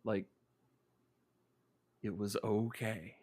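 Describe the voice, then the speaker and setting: A man's voice: on the low side, fairly even intonation, drawn-out words, a little mellow. A man as a podcast guest, talking in a sarcastic, rambling way that keeps restarting. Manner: sarcastic, rambling, self-interrupting. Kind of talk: casual podcast chat.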